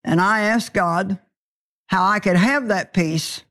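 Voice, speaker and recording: A woman teaching a sermon on scripture in a slow, emphatic preaching manner, mixing in personal testimony. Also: mid-range voice, a bit bright. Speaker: Bible teacher.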